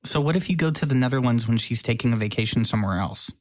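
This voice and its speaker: A man's voice: medium pitch, expressive, fast. Chatty guy co-hosting a podcast, teasing his friend, regular mid voice. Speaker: podcast co-host. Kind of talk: casual chat.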